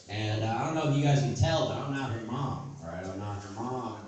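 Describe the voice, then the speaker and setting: A man's voice: medium pitch, fast, few pauses, a little mellow. A man doing a loose, rambling stand-up set at an open mic, with crude, self-mocking jokes. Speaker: stand-up comedian. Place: comedy stage. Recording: echoey room from far off.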